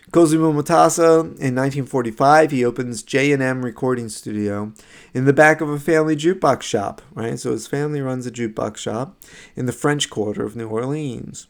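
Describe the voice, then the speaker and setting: A man's voice: mid-range voice, gravelly. A man giving a recorded slideshow lecture on music history, conversational, with many fillers and restarts and frequent "right?" checks.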